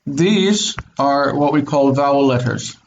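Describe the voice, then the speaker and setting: A man's voice: mid-range voice, animated, unhurried, lo-fi sound, a little hiss or hum. A man teaching Biblical Hebrew in an online class, explaining step by step and checking in with his students. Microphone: video call.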